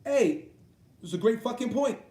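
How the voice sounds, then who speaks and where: A man ranting about boxing to his live viewers, heated and swearing constantly, swinging between loud outbursts and low muttering. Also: lively intonation, unhurried, echoey room. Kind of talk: profane off-the-cuff rant.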